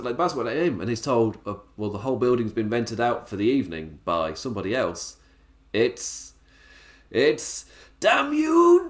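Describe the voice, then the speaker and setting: A man reviewing a wrestling show in a casual solo podcast, chatty, enthusiastic and quick to laugh. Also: mid-range voice. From England.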